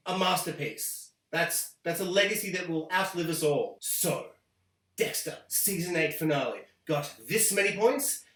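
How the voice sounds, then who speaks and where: High-voiced sarcastic ranter. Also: male voice. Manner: sarcastic, animated, mocking quoted voices. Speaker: host. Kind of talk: ranting video review. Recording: echoey room.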